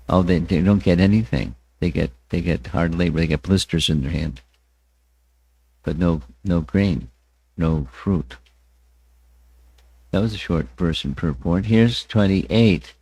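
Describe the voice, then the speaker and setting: Male teacher, scripture class, unhurried and low, dry close sound, repeats words, chants verses. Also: mellow, no echo. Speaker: spiritual teacher. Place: temple hall.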